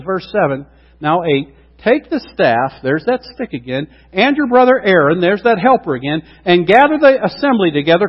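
A middle-aged man preaching a sermon, acting out quotes with lively asides to the congregation. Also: sits high. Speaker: pastor. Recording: dull lo-fi sound with long hall reverb.

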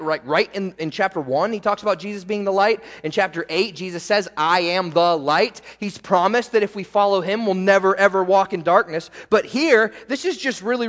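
A middle-aged male pastor preaching a sermon in a church, animated, asking the congregation rhetorical questions. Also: high-pitched, in a large hall. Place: church sanctuary.

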